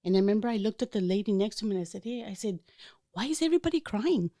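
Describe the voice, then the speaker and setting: Mellow-voiced woman telling a story. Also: mid-range voice, racing. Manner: chatty, animated storytelling with quoted voices. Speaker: podcast host. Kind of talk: casual storytelling.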